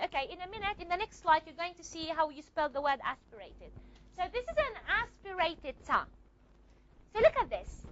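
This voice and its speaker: A woman's voice: extremely high pitch, sharp tone, lo-fi sound, slight background noise. A woman teaching a classroom lecture, repeating and modeling sounds and checking often that students follow.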